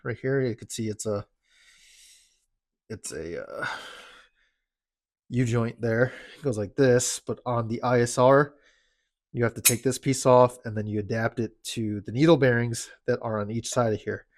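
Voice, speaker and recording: A car enthusiast vlogger, out of breath in a cold, dim home garage, talks casually through car parts, halting with lots of fillers and restarts. His medium-pitched voice is studio quality, with no room sound.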